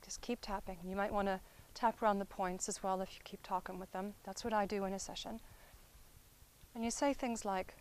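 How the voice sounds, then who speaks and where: A woman therapist explaining inner-child healing work in a conversational teaching style. She checks in with her listeners as she goes and often softens into gentle, quiet phrasing. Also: medium pitch, normal speed, slight background noise, low-quality recording. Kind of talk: instructional talk.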